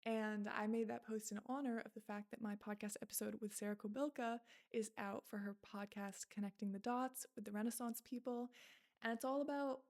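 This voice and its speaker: A woman's voice: on the high side, steady tone, fairly quick, darkish tone. A woman in her twenties talking to camera in a casual, self-reflective vlog, with lots of fillers. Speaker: content creator.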